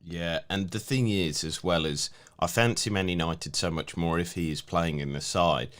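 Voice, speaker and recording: A man hosting a live stream, reading out viewer questions in a relaxed, chatty way. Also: deep voice, normal speed. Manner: relaxed, chatty, laughs easily. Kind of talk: casual live-stream chat. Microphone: video call.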